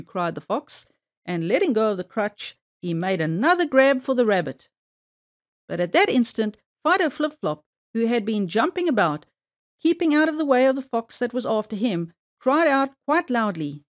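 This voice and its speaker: A woman narrates a children's story with a playful, expressive delivery. Her voice sits high and bright. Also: moderate pace.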